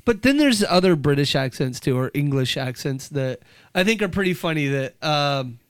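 Male podcast co-host, high smooth voice, dry close sound, teasing. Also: animated, moderate pace, dry recording. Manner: laughs often, teasing. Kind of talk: casual chat.

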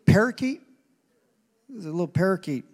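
Male pastor, high voice, casual sermon with humor, big church reverb. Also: expressive, a little fast. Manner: casual, joking, acts out quoted voices. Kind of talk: conversational sermon. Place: church sanctuary. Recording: long hall reverb.

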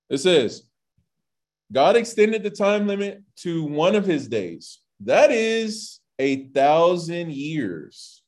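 A man's voice: on the high side, darkish tone. A man leading a casual Bible study, talking in a chatty way and jumping between asides and acted-out quotes.

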